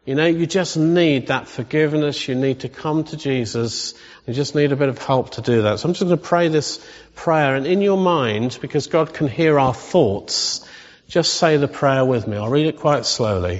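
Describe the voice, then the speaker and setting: A man leading a congregation through a blessing and prayer, gentle and reassuring, slowing down for the prayers. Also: fairly high pitch. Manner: gentle, reassuring, slows down for read-aloud prayers. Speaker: preacher. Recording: long hall reverb, dull sound.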